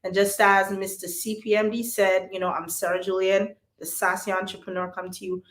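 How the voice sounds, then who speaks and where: A woman from Jamaica, hoarse from losing her voice, chatting as a guest in a bubbly, playful way. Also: mid-range voice, flat delivery, a little fast, echoey room. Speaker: guest entrepreneur. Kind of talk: casual chat.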